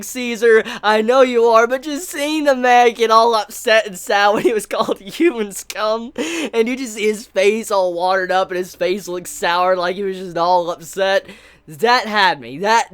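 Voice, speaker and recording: A woman giving a casual manga review, excitable, often laughing and swearing casually. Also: mid-range voice.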